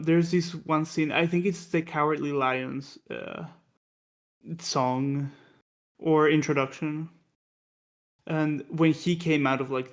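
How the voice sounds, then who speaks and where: A man co-hosting a casual film discussion podcast, telling production stories in a chatty way with many restarts and fillers. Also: on the high side. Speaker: podcast co-host.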